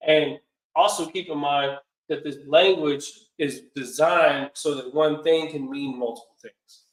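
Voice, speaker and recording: Guy teaching a class, earnest and repeats himself, kinda high voice, echoey room. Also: fairly even intonation, measured pace. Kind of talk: classroom lecture.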